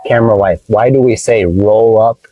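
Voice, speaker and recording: A man's voice: fairly low pitch, narrow, tinny audio. Playful American man teaching from a car. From United States. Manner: playful, teasing, explains slowly with repetition. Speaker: English teacher vlogger. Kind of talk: casual teaching vlog. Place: inside a parked car. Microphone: phone camera held by his wife.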